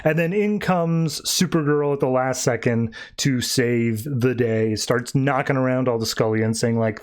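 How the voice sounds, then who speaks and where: Brief: young male podcast host, mid-pitched voice, loose chatty recap with many fillers. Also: measured pace, hardly any pauses, darkish tone. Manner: rambling, filler-heavy, quotes characters in a lifted voice. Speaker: podcast host reviewing comics. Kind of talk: casual recap and review.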